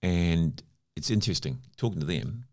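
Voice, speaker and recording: Very deep-voiced man in his fifties. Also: animated, moderate pace. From New Zealand. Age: 50s. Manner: chatty anecdotal, lots of "you know" fillers. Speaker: podcast guest. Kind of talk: casual conversational storytelling.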